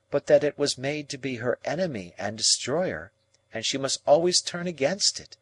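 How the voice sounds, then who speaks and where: A man's voice: mid-range voice, slightly rough, pitched above the performer's own voice. A man voicing a cool, proud young woman. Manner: calm, measured, coldly reasoning. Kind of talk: audiobook character reading.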